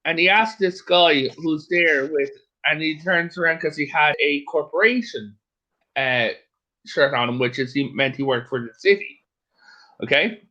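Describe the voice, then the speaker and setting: A man's voice: on the high side, unhurried, pushed and bright. Man, casual storyteller, foul-mouthed and jokey, lo-fi audio. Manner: profane, jokey, acts out voices in anecdotes.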